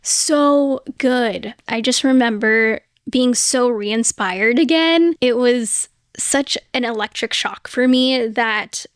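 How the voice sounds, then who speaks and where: A woman's voice: on the high side, takes it slowly, few pauses, clean tone, no room sound, clean studio sound. A young woman hosting her own podcast, talking earnestly and rambling through a personal catch-up. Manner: earnest, rambling, often says "oh my gosh". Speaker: podcast host. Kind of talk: solo casual chat.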